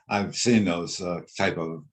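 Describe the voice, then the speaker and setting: A man hosting an interview podcast, talking in a relaxed way, laughing easily and using many fillers. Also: deep voice, slow pace. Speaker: podcast host. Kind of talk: casual interview.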